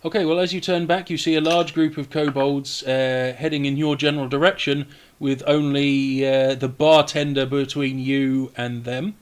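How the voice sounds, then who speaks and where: A man narrating as game master, relaxed, with frequent hesitations while describing the scene. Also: medium pitch, moderate pace, smooth.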